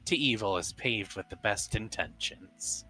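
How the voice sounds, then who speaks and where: A man's voice: on the low side, measured pace, sharp tone, soft background music, low-quality recording. A man playing a stern, stubborn father who grumbles and mutters his replies. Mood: grumbling.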